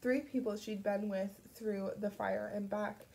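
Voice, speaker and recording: A woman narrating an audiobook in a steady, measured reading voice. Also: medium pitch, creaky.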